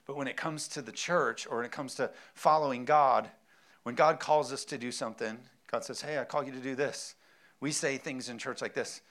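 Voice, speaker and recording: A man's voice: mid-range voice, a little fast, a bit bright. A man preaching a sermon, emphatic, with rhetorical questions and frequent amens. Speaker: pastor.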